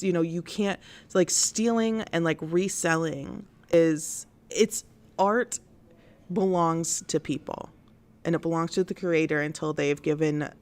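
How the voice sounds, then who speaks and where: A woman hosting a casual commentary stream, blunt and exasperated, rambling with many fillers. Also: low-pitched. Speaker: host of a news and commentary stream.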